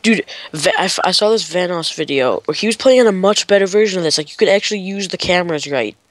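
A woman's voice: lowish voice, expressive, fast, dry recording, rough recording. A woman playing a horror game with a friend over voice chat, panicky and repeating exclamations. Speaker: gaming co-player. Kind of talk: casual gaming voice chat.

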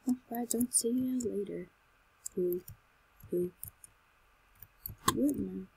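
A woman giving chatty commentary as she plays a game, excitable and talking to herself, with sudden loud, high outbursts. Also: a little slow, long pauses, slightly rough, no room sound, low-quality recording. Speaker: Minecraft let's player. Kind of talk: gameplay commentary.

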